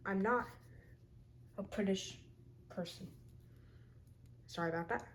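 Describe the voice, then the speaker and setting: A woman's voice: mid-range voice, fairly even intonation, unhurried, long pauses, a little hiss or hum, low-quality recording. A woman in a casual show-and-tell vlog, chatting as she lists her figures one by one with short comments. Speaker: toy collector showing her figures.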